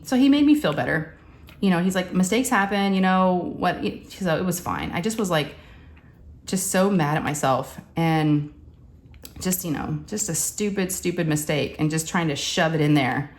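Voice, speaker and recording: A woman's voice: lowish voice, moderate pace. A woman, a crafting vlogger telling a story in casual chat and acting out the quotes with animation. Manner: animated, acts out quotes, says y'all.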